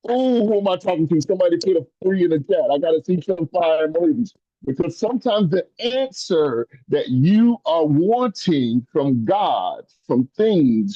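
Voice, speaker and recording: A man's voice: dark tone, dry recording. Impassioned male motivational speaker, dry lo-fi. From rural upbringing. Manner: preacherly, rising to high emphatic pitch, repeats phrases.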